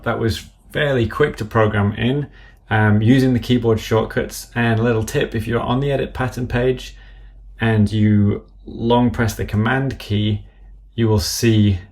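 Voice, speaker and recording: A man demonstrating drum practice software, thinking aloud step by step and murmuring drum stickings as he enters them. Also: on the low side, creaky. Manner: methodical, thinking aloud while clicking. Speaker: app developer demonstrating software. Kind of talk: screen-recorded software tutorial.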